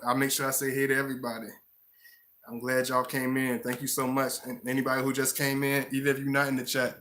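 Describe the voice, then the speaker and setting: Guy rambling on his stream, bright voice, pretty flat, lots of restarts. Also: mid-range voice. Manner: rambling, with frequent restarts and repeated words; warm, greets viewers by name. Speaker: live-stream host. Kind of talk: casual live-stream talk.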